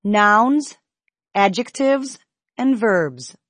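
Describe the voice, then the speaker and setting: A woman slowly reading a scripted pronunciation lesson, enunciating each word with deliberate care. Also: mid-range voice, animated, fairly bright tone, no echo. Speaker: pronunciation teacher. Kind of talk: slow scripted pronunciation drill.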